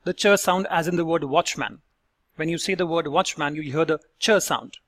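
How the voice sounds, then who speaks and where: A man teaching English pronunciation in a video lesson, speaking slowly and deliberately and enunciating each example word. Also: fairly high pitch, fairly bright tone.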